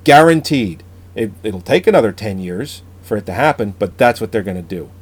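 A man's voice: fairly low pitch, lively intonation, brisk, slightly rough. A man in casual podcast chat, blunt and opinionated, swearing freely.

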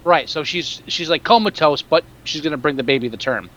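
A man's voice: on the high side, fairly quick, a bit bright, highs cut off. A man in casual film chat, blunt and sarcastic, with frequent swearing.

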